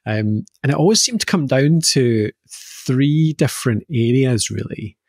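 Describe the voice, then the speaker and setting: A Scottish man co-hosting a podcast, easily explaining voice warm-ups and playfully demonstrating vowel sounds. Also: mid-range voice, measured pace, no echo, clean studio sound. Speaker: podcast co-host explaining voice skills. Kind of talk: casual podcast chat.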